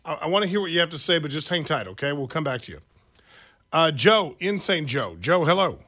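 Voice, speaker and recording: Bright-voiced man hosting talk radio. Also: a little high, sing-song, brisk. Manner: upbeat, teasing. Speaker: radio host.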